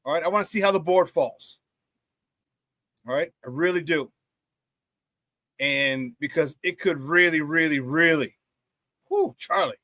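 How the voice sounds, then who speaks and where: Male sports talk host, high, bright voice, dry close mic, excitable and chatty with the chat. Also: a little slow, pauses often, dry recording. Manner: excitable and hyped, with frequent laughs and slang. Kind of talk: live-streamed sports talk, reading viewer chat.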